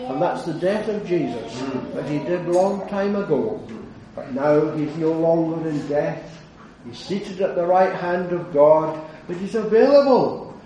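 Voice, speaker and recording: A man preaching an earnest evangelistic sermon, building to fervent declarations and then dropping low. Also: mellow. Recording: very echoey hall, heard from a distance.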